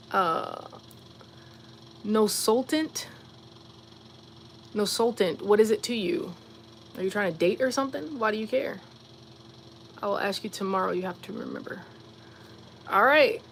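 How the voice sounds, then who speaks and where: A woman's voice: mid-range voice, vocal fry, a little hiss or hum. Chatty woman livestreaming to her chat. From Virginia, USA. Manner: reflective, talks straight to chat, quick asides and fillers. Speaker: livestream host. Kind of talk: casual livestream chat, reading viewer comments.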